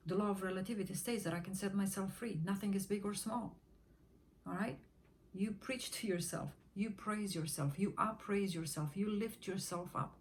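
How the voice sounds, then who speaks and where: A woman's voice: mid-range voice, moderate pace. Woman teaching manifestation with chanted repetition. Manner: rhythmic repetition, drops to a whisper during affirmations. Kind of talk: motivational teaching talk.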